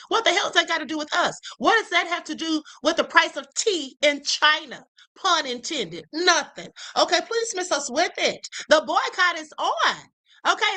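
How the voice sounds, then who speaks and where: A woman's voice: very high-pitched, pushed and bright. A woman hosting a livestream, commenting on clips in a blunt, emphatic and sassy way. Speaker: livestream host.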